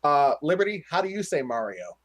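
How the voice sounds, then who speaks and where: A man's voice: a little high, big pitch swings, fast talker, a bit bright. A man chatting casually on a stream, trading teasing banter with the others. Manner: teasing, mock-indignant banter. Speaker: stream co-host. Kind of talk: casual chat.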